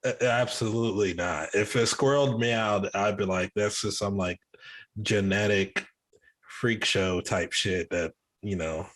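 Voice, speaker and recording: Laid-back guy co-hosting a podcast, kinda low voice. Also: measured pace, fairly bright tone. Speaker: podcast co-host. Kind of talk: casual chat.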